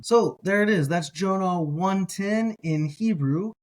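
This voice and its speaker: A man teaching a slow reading lesson in Hebrew, repeating each word several times and correcting himself as he goes. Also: sits high. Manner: careful, self-correcting.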